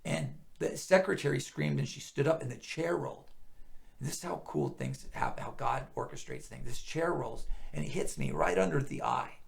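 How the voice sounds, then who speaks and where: Gravelly-voiced man telling his testimony. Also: mid-range voice, sing-song, moderate pace. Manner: earnest, drops to hushed near-whispers when emotional. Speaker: guest sharing testimony. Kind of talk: emotional personal testimony.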